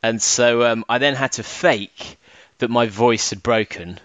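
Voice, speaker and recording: A man co-hosting a podcast in casual chat, laughing often and swinging between high and low. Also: unhurried, a bit bright, no room sound. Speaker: podcast co-host.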